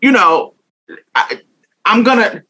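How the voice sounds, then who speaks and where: A woman's voice: mid-range voice, big pitch swings, slow pace, pushed and bright, breathy edge. A young woman talking candidly in an interview, blunt and emphatic, swearing freely and laughing often. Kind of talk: candid casual conversation.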